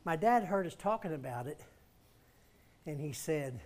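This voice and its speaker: A man's voice: on the high side, expressive, a little slow, a little hiss or hum. A man preaching in a church, telling a story and calling the congregation to respond with emphatic lines. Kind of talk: storytelling sermon.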